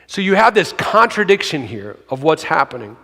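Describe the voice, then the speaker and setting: A male pastor preaching a sermon, telling a story with animated, acted-out voices and sudden shouts. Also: on the high side, moderate pace. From grew up in a city. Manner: animated, acts out quoted voices, shouts for emphasis. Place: church sanctuary. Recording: long hall reverb.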